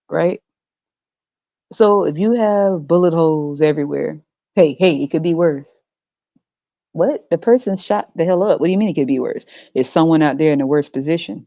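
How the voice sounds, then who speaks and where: A woman's voice: deep voice, normal speed, mellow, no room sound, muffled recording. A woman hosting a podcast who gives blunt, sarcastic commentary in casual slang. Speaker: podcast host.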